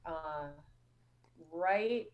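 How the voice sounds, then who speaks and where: A woman's voice: on the low side, extremely slow, phone-quality sound. Chatty woman host telling stories. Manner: chatty storytelling, acts out quoted dialogue. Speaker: show host. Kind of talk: casual call-in show chat.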